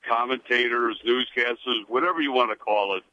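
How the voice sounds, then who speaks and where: A man from Chicago calling into a radio show, talking in a warm, rambling way with many hesitations over a phone line. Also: mid-range voice, brisk, dry recording. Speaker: caller. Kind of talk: phone-in call.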